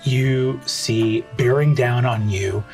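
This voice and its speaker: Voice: medium pitch, takes it slowly, vocal fry, a little mellow, faint music behind. A game master narrating a tabletop role-playing scene casually, with frequent filler words.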